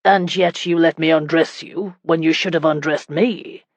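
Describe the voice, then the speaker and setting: A gruff young medieval lord with a husky voice, as a woman narrator puts him on. He speaks in a commanding, teasing way. The recording is dry and close. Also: deep voice, steady tone, moderate pace, no room sound.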